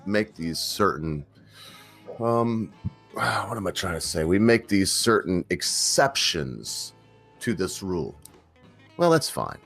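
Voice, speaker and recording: Deep-voiced rambling man ranting. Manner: rambling, emphatic, many fillers and restarts. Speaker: channel host. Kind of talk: casual opinion rant to camera.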